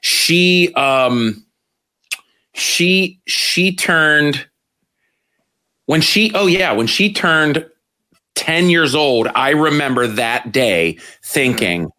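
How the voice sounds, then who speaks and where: A man hosting a podcast, chatting casually in an excitable, profane way. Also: fairly high pitch, drawn-out words, long pauses. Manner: excitable, profane, laughs often. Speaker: podcast host.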